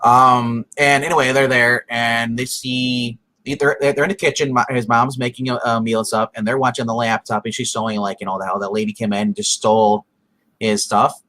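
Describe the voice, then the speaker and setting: A man co-hosting a casual review show, retelling scenes in an animated way and briefly doing the characters' voices. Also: mid-range voice, moderate pace. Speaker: podcast co-host.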